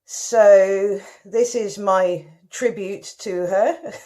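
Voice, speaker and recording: A woman's voice: mid-range voice, steady tone, very slow, dark tone. A woman from the West Country with a broad, exaggerated West Country accent, giving a chatty, self-mocking comic monologue as a contestant and calling her listeners darlings. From West Country, England.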